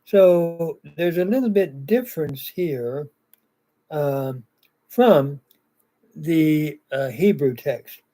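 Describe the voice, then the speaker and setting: A man teaching biblical grammar, reading ancient verses aloud and working through them slowly with frequent "uh" pauses. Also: on the high side, lively intonation, mellow. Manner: deliberate, pauses with "uh", reads ancient text aloud. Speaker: Bible language teacher. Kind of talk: slow grammar lecture.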